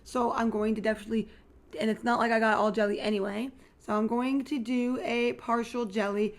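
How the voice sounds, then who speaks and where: A woman chatting casually as she unboxes collectible toys and paints her nails, thinking aloud with bursts of excitement. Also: on the high side. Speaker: nail art vlogger. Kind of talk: casual unboxing and nail tutorial chat.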